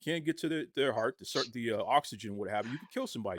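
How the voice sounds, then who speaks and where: A man giving impassioned podcast commentary, arguing forcefully and firing off rhetorical questions. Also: mid-range voice, expressive, racing, dry recording, studio quality.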